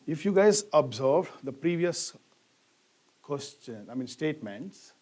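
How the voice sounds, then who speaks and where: Slow teacher lecturing. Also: male voice, on the high side, animated, a little mellow. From India. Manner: asks the class questions and answers them himself, stressing key words. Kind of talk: classroom grammar lecture.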